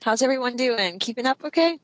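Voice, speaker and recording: A woman's voice: a little high, lively intonation, fairly quick, dry recording, rough recording. A woman co-hosting a live online drawing class, upbeat as she moderates the students.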